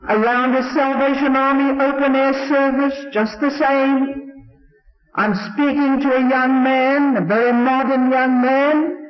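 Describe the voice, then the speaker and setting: English male preacher, earnest storyteller, unhurried delivery, echoey muffled old tape. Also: very high voice. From England. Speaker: Salvation Army preacher. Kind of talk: sermon. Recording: roomy, dull old recording.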